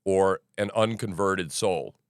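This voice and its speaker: A man's voice: low-pitched, takes it slowly, smooth, dry recording, studio quality. A middle-aged man hosting a podcast, rambling through news commentary with profanity, restarts and asides. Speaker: podcast host.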